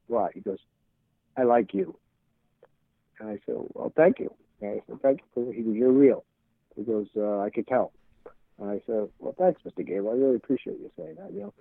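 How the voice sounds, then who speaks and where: There's vocal fry in this middle-aged man's mid-range voice as he tells rambling stories as an interview guest, stumbling over repeated words and acting out old conversations. The audio has no echo and a tinny, phone-like quality.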